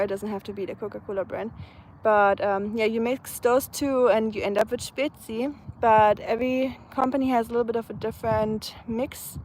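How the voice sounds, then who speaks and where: Young German-accented woman, friendly livestream chatter, slightly high voice, faint outdoor ambience. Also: darkish tone, a little hiss or hum. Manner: chatty, reads out viewer comments. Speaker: live streamer. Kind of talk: casual live-stream chat. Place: outdoors, feeding stray cats.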